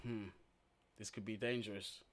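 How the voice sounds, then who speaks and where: A man's voice: fairly low pitch, flat delivery, moderate pace. A man hosting a football watch-along, giving blunt, slangy live commentary, swearing freely and talking straight to his viewers.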